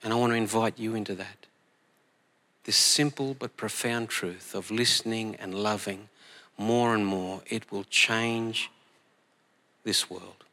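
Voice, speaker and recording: A man preaching as pastor, leading a slow, gentle, prayerful reading. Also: on the low side, fairly even intonation. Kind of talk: sermon. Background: soft band music.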